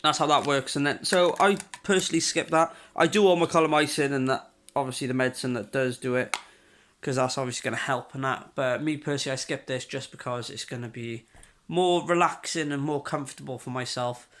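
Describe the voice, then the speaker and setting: A man's voice: mid-range voice, fairly quick, a bit bright. A young man, ill with covid, talking casually and matter-of-factly to camera in a home vlog, full of fillers. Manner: chatty and matter-of-fact, with lots of fillers. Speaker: vlogger.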